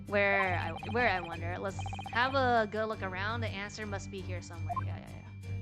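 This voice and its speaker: A woman's voice: medium pitch, normal speed. Woman, game streamer, reads dialogue aloud, talks to herself, game music underneath. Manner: thinks aloud, reads game lines in a plain voice. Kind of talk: let's play with read-aloud dialogue.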